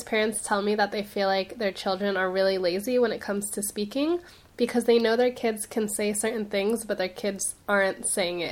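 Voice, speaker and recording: A woman speech pathologist hosting an advice podcast, chatty and explanatory, her nose stuffy as she gets over being sick. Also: medium pitch. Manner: chatty, explanatory, with many fillers.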